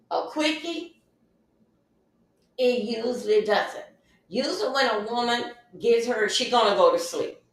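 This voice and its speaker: Echoey, far-off woman chatting on stream. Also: fairly high pitch. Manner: chatty, emphatic, repeats phrases. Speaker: livestream host. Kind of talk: casual livestream advice talk. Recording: very echoey room, mic far off.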